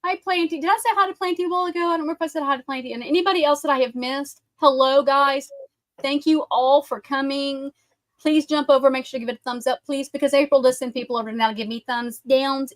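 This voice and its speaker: A woman's voice: sits high, steady tone, quick pace, no echo, rough recording. A woman with a Southern US accent hosting a livestream, talking bluntly with heated profanity. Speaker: livestream host. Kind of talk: casual heated livestream chat.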